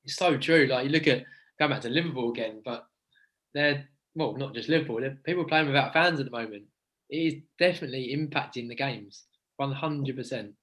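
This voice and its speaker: A man's voice: medium pitch, fairly quick, a bit bright, rough recording. Rambling earnest male football coach. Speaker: podcast co-host, youth football coach. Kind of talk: casual podcast chat. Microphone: remote call.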